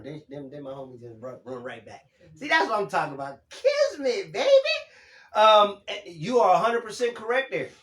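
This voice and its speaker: His voice sits high and a bit bright, with reverberant sound. He's a man in his fifties running a casual livestream, emphatically reading out viewer comments and replying with casual swearing.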